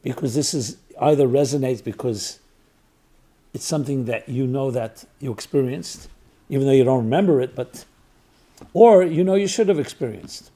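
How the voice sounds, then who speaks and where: A man who is a rabbi, telling a story in an earnest reflective talk, repeating phrases in threes for emphasis and dropping soft on tender phrases. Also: mid-range voice, normal speed. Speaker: rabbi and spiritual teacher.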